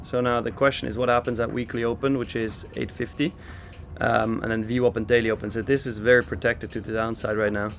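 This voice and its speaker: A man's voice: mid-range voice, flat delivery, fairly quick, slight background noise. A man raised in Switzerland hosting a live trading stream, giving casual market commentary and answering viewer chat. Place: in London for a trading expo.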